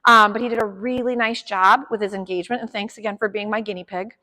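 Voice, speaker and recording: A woman's voice: medium pitch, steady tone, quick pace, sharp tone, long reverb tail. A woman dog trainer explaining a session to her clients, upbeat, chatty and encouraging.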